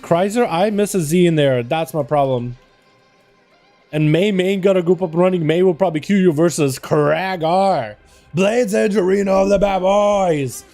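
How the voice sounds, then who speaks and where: A young man hosting a game livestream, chatting casually and excitably, greeting his chat with lots of slang. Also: a little high. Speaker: streamer hosting game duels.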